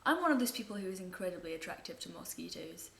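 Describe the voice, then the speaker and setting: A woman's voice: fairly low pitch, very animated, quick pace, gravelly, a bit bright. A young woman, chatting to camera at home as she answers viewer questions, rambling and amused by her own asides. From England. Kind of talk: casual chat to camera. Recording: echoey room, faint background noise.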